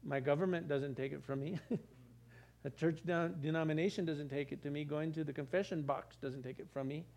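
A man delivers a sermon from the pulpit. His voice sits a little high for a man, and he drives his points home with rhythmic repetition and rising emphasis. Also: steady tone, normal speed, gravelly, a little mellow. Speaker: pastor.

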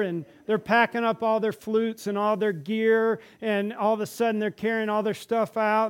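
A man with a notably high-pitched voice delivers a storytelling sermon in a church. He is animated, dropping into the voices of the people in the stories he tells. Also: measured pace, clean tone. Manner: animated, acts out the characters' lines in the stories. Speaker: preacher.

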